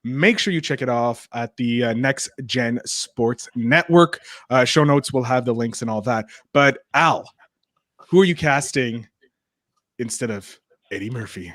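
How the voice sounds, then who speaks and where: A man hosting a casual movie podcast, keeping the talk moving with quick plugs and questions. His voice sits at a middle pitch, recorded close and dry with little room sound. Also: a bit bright, no echo. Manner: chatty, plugs shows, self-deprecating about stuttering. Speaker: podcast host. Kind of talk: casual chat.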